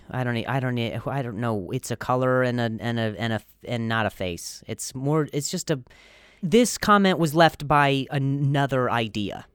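A man's voice: medium pitch, smooth, dry recording, clean studio sound. A man hosting a comedy podcast with a strong stutter, repeating words and blocking on sounds, self-deprecating and rambling. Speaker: podcast host.

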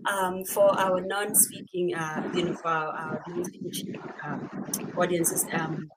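A woman's voice: on the low side, fairly even intonation, unhurried, heavy background noise. A woman hosting a book chat, reading passages aloud and reacting with laughter and emotion. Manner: emotional, laughs often, exclaims. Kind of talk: casual chat and read-aloud.

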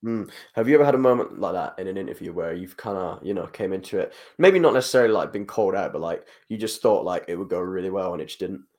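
Rambling, low-voiced man chatting quickly. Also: lively intonation, a little mellow. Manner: rambling, heavy on fillers like "like" and "you know". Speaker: MMA journalist. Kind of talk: casual podcast chat.

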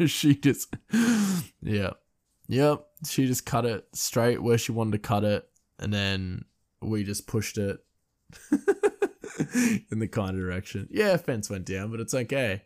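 A young man with a lowish voice tells a loose, chatty anecdote. He wanders off on tangents, stacks up fillers, and breaks into laughter often. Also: slow pace, pauses often. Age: young adult. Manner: rambling, laughs a lot, many fillers. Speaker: storyteller. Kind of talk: casual anecdote.

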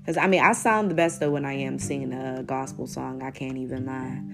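Low-voiced chatty woman podcaster, y'all. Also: fairly even intonation, fairly quick, gravelly, over music. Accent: American, mixing northern and southern. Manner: chatty, rambling and playfully boastful, addresses listeners as y'all. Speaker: podcast host. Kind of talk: casual solo podcast monologue.

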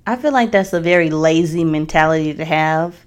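A woman co-hosting a casual chat show, telling stories with frequent laughs and animated retelling. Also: sits low, brisk, smooth. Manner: giggly storyteller, animated retelling. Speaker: podcast co-host.

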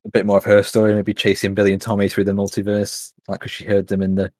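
A man's voice: on the low side, completely flat delivery, fast, darkish tone, dry recording. A young man co-hosting a podcast in casual chat, enthusiastic and rambling with many fillers. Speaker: podcast co-host.

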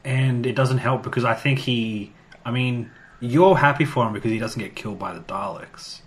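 A man co-hosting a podcast in casual chat, animated and quick to jump in with reactions and jokes. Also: mid-range voice. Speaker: podcast co-host. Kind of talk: casual chat recapping an episode.

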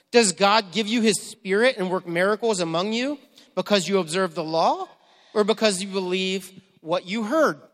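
A man preaching a sermon as pastor, swinging between quiet, measured reading and fervent, emphatic questions. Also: sits high. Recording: long hall reverb.

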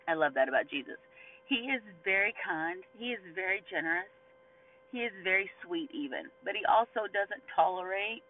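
High-voiced man teaching Bible, tinny distant sound. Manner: chatty, animated, laughs often, mimics whiny voices.

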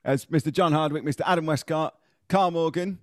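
A man's voice: fairly high pitch, fairly even intonation, brisk, very noisy. A man hosting a podcast in casual, jokey chat and steering an improv game. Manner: jokey, loose, swears for laughs. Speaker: podcast host.

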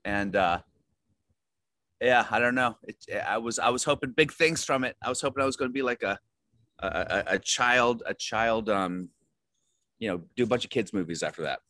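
A man with a lowish voice tells loose, self-mocking stories about his acting work, full of fillers and restarts. The sound is close and dry, with no room around it. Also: moderate pace, bright, forceful tone, no room sound. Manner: rambling, self-deprecating storytelling with many fillers. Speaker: actor guest. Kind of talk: casual interview chat.

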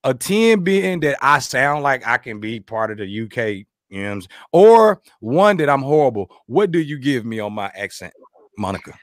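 A man's voice: medium pitch, sing-song, moderate pace, no echo, studio quality. A man hosting a podcast in casual chat, playful and joking. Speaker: podcast host.

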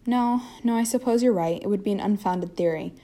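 A woman's voice: medium pitch, brisk, warm tone, lightly acted. A woman reading as an anxious young witch. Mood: tense. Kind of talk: amateur fanfiction reading.

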